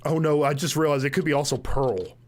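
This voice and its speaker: High-voiced chatty co-player man. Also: steady tone. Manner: chatty, quick reactions. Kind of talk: casual gameplay commentary.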